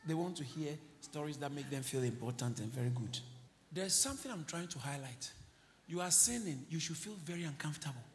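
A male pastor preaching a sermon, shouting exhortations, then dropping into low asides, with laughs along the way. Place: church hall. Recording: long hall reverb.

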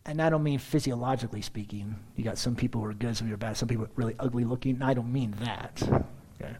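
A middle-aged male pastor preaching a sermon, telling stories in a lively, conversational way and often clearing his throat. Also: medium pitch, fast talker. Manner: animated storyteller, conversational asides, frequent throat-clearing.

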